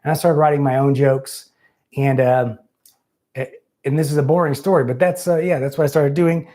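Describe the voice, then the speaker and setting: A man's voice: fairly high pitch, fairly even intonation, normal speed, dark tone. A man hosting a live call-in show, chatting loosely and profanely, rambling and poking fun at himself. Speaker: host.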